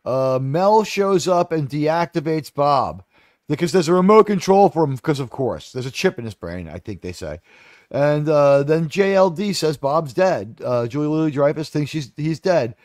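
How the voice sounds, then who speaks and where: A man's voice: a little high, animated, moderate pace, a little mellow, no echo, clean studio sound. A man giving a casual, rambling film review, profane and full of fillers. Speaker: movie reviewer.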